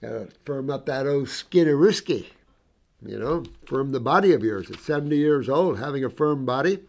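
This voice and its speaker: A man's voice: medium pitch, lively intonation, moderate pace, creaky, darkish tone. A man working as a natural health practitioner, talking casually and enthusiastically to his audience about client cases, rambling with asides and repetitions and calling viewers sweetie and honey. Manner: acts out dialogue in anecdotes. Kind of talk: casual talk to an online audience.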